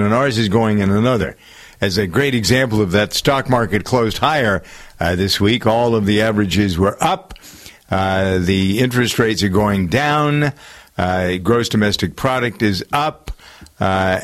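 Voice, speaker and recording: A man hosting a talk radio show, counting down the week's stories in a loose, meandering way full of filler uhs. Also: on the low side. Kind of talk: casual radio chat.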